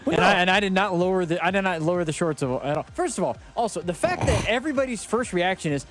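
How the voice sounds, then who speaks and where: A man's voice: high-pitched, animated, fast, fairly bright tone. A man co-hosting a sports radio show, reading golf updates and joking with his co-hosts. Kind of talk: casual sports radio chat.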